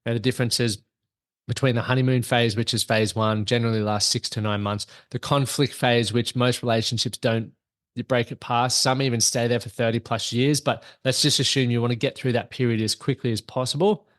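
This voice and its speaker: A man's voice: mid-range voice, steady tone, fairly quick, no echo, studio quality. A man hosting his own podcast as a coach, talking in an earnest, motivational, conversational way to his listeners. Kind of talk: solo podcast talk.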